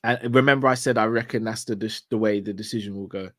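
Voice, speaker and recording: A man's voice: fairly low pitch, fairly even intonation, fast, fairly bright tone, no echo, studio quality. Man hosting a fight chat. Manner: upbeat, chatty, wraps up like a show host. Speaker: host. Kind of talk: casual fight commentary chat.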